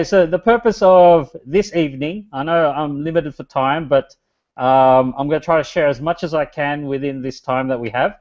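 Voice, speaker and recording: A man in his thirties presents a webinar in a loose, chatty way, his voice sitting a little high for a man. The sound is dull and lo-fi, like audio through a computer mic on an online call. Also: a little mellow. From Australia. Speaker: guest speaker, business strategist.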